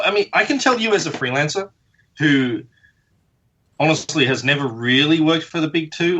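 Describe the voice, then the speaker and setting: A man's voice: mid-range voice, pushed and bright, breathy edge, highs cut off. A man, a comic book artist guest, chatting casually on a podcast in a rambling, self-deprecating way and laughing often.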